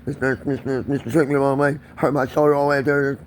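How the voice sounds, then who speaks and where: A man's voice: mid-range voice, little pitch movement, fast talker, a little hiss or hum. Profane ranting man. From Kentucky. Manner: erratic, profane, confrontational, repeats himself. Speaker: vlogger. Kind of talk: solo profane rant to camera.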